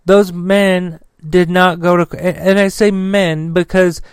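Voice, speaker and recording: A man hosts a political news commentary podcast in a fairly high, crisp voice. The sound is dry and close. He talks bluntly and swears freely, and reads the news haltingly with many fillers. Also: flat delivery, no echo. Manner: profane, blunt. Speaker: podcast host.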